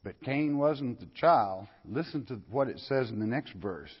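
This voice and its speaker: Older pastor with a folksy teaching manner, a bit husky, lo-fi hall recording. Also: male voice, medium pitch, lively intonation, unhurried. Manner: folksy, questioning the listeners and reading scripture aloud. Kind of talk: verse-by-verse Bible lecture.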